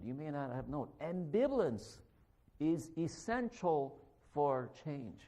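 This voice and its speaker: A man who is a physician, giving a conversational sermon in a church, animated and joking as he acts out confrontations. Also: on the high side. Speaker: guest preacher, physician.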